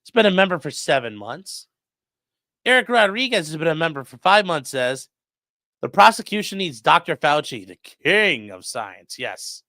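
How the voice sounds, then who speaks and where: A man's voice: a little high, sing-song, normal speed, sharp tone, dry recording, studio quality. A man who is a defense attorney, casually commenting on a livestream and reading chat messages aloud in a loose, profane way.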